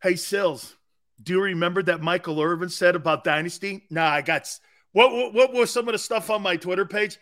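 A middle-aged man hosts a sports talk stream. His voice sits high and sounds bright and forceful. He jumps from one viewer comment to the next, joking loudly. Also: brisk. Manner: animated, joking, jumps between chat comments. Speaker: sports talk show host. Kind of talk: live-stream sports talk, reading chat.

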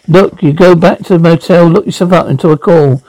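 A man's voice: a little high, brisk, a little mellow, dry recording, close to an everyday voice, poor audio. An actor playing a terse, tough male investigator in an old-time radio drama, speaking in a clipped, commanding way. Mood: urgent.

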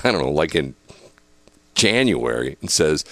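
A man telling stories in a casual, animated way, laughing as he goes and acting out what other people said. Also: a bass voice, normal speed, pauses often, dry recording. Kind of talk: casual storytelling chat.

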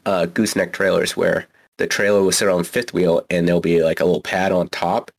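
A man in his thirties co-hosting a podcast, telling rambling stories in casual chat with lots of swearing and filler words. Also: lowish voice. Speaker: podcast co-host.

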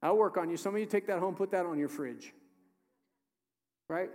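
High-voiced pastor preaching in a reverberant hall. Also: male voice. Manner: emphatic, swings from loud urging to hushed slow delivery. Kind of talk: sermon. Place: church sanctuary. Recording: music under voice in a reverberant hall.

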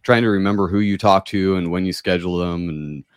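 A man with a very deep voice talks quickly and bluntly. He hosts a podcast and swears casually. The sound is close and dry. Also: clean tone, no echo. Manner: blunt, profane. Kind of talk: casual chat on a remote call.

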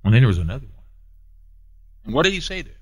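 Male preacher, emphatic and repetitive, animated pitch swings. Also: very fast, breathy edge, rough recording. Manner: emphatic, repeats phrases, swings between hushed and raised. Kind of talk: sermon.

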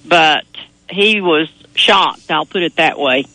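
A woman's voice: low-pitched, slow pace, pushed and bright, dry recording, poor audio. A woman on a racing panel, chatting enthusiastically and sometimes hesitating as she weighs her picks. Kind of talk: casual chat about racing.

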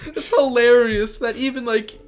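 A man's voice: very high voice, steady tone, moderate pace. Playful young man reacting with laughs. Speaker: co-host, grandson. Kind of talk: casual chat.

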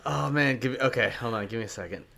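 A man's voice: medium pitch, fast, gravelly. A man co-hosting a casual podcast, tossing out guesses and jokes. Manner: relaxed, jokey guesser. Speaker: podcast co-host.

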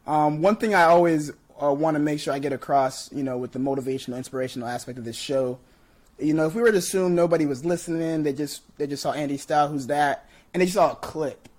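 A man's voice: fairly high pitch, fast, a little mellow. A man hosting a podcast, chatting casually with his guest in an emphatic, encouraging way. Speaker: podcast host. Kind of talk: casual interview chat.

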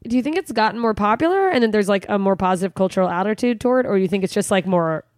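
A young woman co-hosting a podcast, animated and laughing in profane casual chat. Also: mid-range voice, fast talker, no room sound, clean studio sound. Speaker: podcast co-host.

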